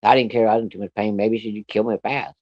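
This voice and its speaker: A man's voice: on the low side, steady tone, fast, no room sound, dull audio. A man telling a personal story in a casual, plainspoken way, with plenty of profanity. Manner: plainspoken, profane, vivid retelling.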